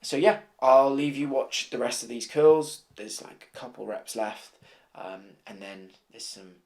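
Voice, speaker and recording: A man, talking casually as a vlogger and bodybuilder, relaxed and rambling, swearing offhand. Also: medium pitch, unhurried, no room sound. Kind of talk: casual vlog chat. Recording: loud car and street noise behind.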